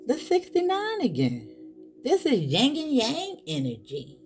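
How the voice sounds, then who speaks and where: A woman gives a casual tarot reading, speaking directly to her viewers and calling them boo and y'all. She's animated and full of exclamations, her voice high and a little slow, with faint music behind her.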